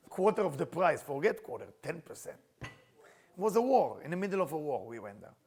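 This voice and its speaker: Gravelly, lively middle-aged male teacher. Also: a little high, normal speed. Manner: animated, acts out quoted people; non-native English phrasing. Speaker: Kabbalah teacher. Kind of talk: spiritual class lecture.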